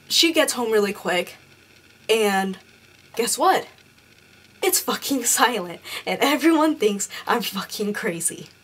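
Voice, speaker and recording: A young woman telling a ghost story in a casual vlog, rambling and swearing constantly. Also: medium pitch. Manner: profane, rambling, animated storytelling. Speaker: beauty vlogger.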